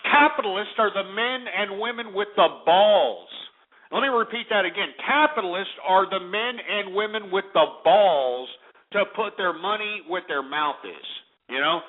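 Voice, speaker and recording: Ranting high-voiced male radio host. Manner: ranting, profane, fast bursts. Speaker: radio talk show host. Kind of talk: talk radio monologue. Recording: tinny lo-fi radio audio.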